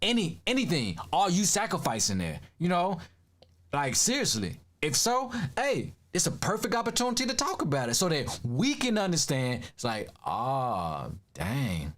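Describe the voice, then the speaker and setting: A man's voice: high voice, huge pitch swings, normal speed, fairly bright tone. A man giving casual reaction commentary, emphatic and slangy, laughing often.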